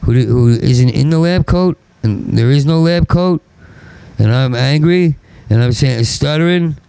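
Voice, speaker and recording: Stuttering gravelly comic, bitter rant. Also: male voice, medium pitch, measured pace, dark tone, dry recording, poor audio. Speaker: stand-up comedian. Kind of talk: stand-up monologue.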